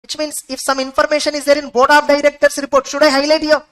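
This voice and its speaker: A woman's voice: sits high, level tone, fast talker, rough recording. A woman giving an exam revision lecture, asking her students rhetorical questions and repeating key points. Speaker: teacher.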